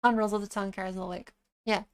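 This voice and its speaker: A woman's voice: medium pitch, fairly even intonation, very fast, smooth. A woman chatting casually with her live-stream viewers, swearing freely and laughing often.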